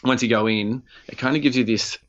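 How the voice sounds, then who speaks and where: A man's voice: medium pitch, steady tone, brisk, highs cut off. A man, co-hosting a podcast in loose, rambling casual chat, swearing freely. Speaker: podcast co-host.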